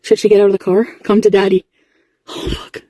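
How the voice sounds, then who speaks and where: A woman's voice: medium pitch, flat delivery, racing, dark tone, no room sound. A woman vlogging from inside a car at night, swearing a lot and nervously talking to her viewers. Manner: swearing, jittery, talks to viewers. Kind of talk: vlog filmed while driving. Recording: noisy car interior clip.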